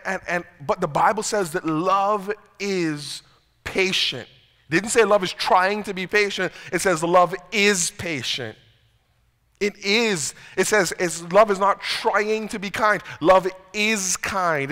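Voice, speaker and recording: This preacher's voice sits high and sounds pushed and bright as he gives his sermon in the church sanctuary. Chatty and self-mocking, he tends to double up words at the start of sentences, and the hall's lengthy reverb hangs over everything.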